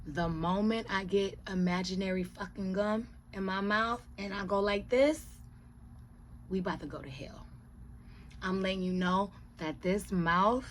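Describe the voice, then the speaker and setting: A woman reviewing reality TV in casual, profane chat who often drops to hushed asides. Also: medium pitch, a little hiss or hum.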